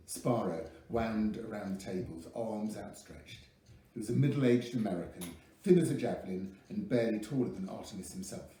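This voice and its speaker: A man reading a novel aloud with lively expression. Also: fairly low pitch, normal speed, a little hiss or hum. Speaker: audiobook reader. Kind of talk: scripted narration. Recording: echoey room, mic at a distance.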